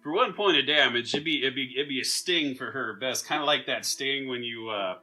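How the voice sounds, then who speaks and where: A man's voice: mid-range voice, a little fast, pushed and bright, faint music behind, rough recording. A man running a tabletop role-playing game as game master, chatting casually, laughing often and stumbling over repeated words as he narrates.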